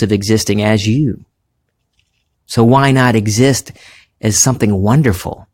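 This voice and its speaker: Male podcast host, faint Southern accent, lower voice, earnest and musing spiritual monologue. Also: measured pace, long pauses, a little mellow. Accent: slight Southern American. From American South. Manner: earnest, musing, thinks aloud.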